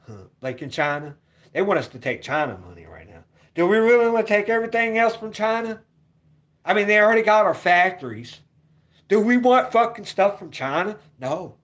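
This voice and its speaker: Brief: male vlogger, voice sits a bit high, profane home rant that keeps repeating itself and jumps between loud and quiet. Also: big pitch swings, moderate pace. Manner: ranting, repetitive, profane, swings between loud and muttered. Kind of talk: rambling opinion rant.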